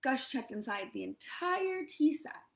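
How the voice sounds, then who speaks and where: A woman reading a storybook aloud to children, lively and expressive. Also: sits high, measured pace, vocal fry, low-quality recording.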